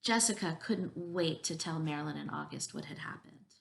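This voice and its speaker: A woman preschool teacher reads a picture book aloud for young children. Her voice sits on the low side with a noticeable gravelly fry. She talks gently and encouragingly, guiding the kids along. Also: normal speed. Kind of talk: children's story time reading.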